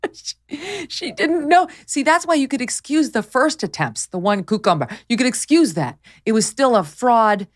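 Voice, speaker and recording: A woman's voice: a little high, very animated, moderate pace, hardly any pauses. A woman hosting a talk show, chatting in a mocking, incredulous way and laughing often. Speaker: show host. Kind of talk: casual commentary chat.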